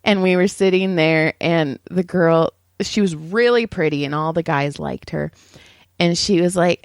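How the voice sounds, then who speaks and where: A woman co-hosting a podcast, telling call center stories in a casual, animated way, swearing freely, laughing often and acting out the callers. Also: on the low side, moderate pace, dry recording, studio quality. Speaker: podcast co-host. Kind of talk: casual storytelling chat.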